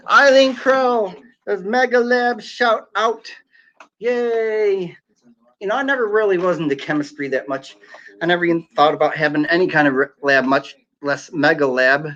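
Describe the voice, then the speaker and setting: A man's voice: on the high side, a bit bright. A man hosting a casual live stream from home, chatting and reading out viewer comments. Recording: slightly dull lo-fi sound.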